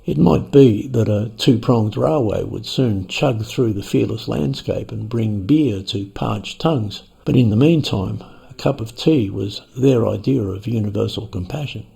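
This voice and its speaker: Gravelly male storyteller with a wry delivery. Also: fairly low pitch, a little slow, dark tone. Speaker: narrator. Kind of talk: scripted storytelling.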